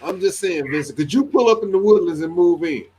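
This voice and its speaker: A man's voice: high-pitched, expressive, brisk, dark tone, slightly rough. A man co-hosting a podcast who needles and argues with the others in casual chat. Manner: needling, argumentative, presses the others. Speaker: podcast co-host.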